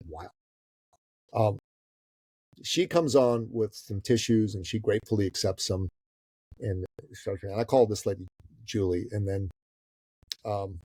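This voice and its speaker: A man in his fifties, from Iran, telling a story as a guest on an interview podcast, animated, swearing casually and calling the host "bro". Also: on the low side, slightly rough, no echo, clean studio sound. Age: 50s. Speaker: guest, business coach.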